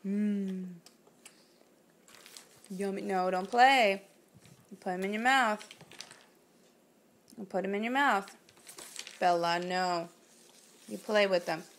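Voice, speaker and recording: A woman's voice: mid-range voice, slow, pauses often. A woman talking to a toddler at mealtime, coaxing her to eat with short, repeated instructions. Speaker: parent feeding a toddler. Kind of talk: casual talk to a small child.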